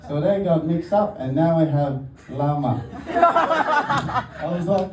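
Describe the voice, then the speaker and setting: A man's voice: sits high, very animated, drawn-out words, pauses often. A young man doing a casual, crude stand-up set, often laughing through his own jokes. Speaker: stand-up comedian. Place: comedy venue, live audience. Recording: roomy venue audio from far off, noisy.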